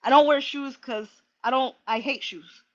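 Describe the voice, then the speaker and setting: A woman hosting a casual livestream, chatty and animated, talking straight to her viewers. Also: sits high, moderate pace, muffled recording. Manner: chatty, animated, laughing asides. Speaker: livestream host.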